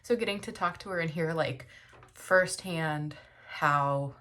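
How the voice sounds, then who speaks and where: Slow, low-pitched, teary woman vlogger. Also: a bit bright. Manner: emotional, teary, rambling with many fillers. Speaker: book vlogger. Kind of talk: casual personal reflection. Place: at home.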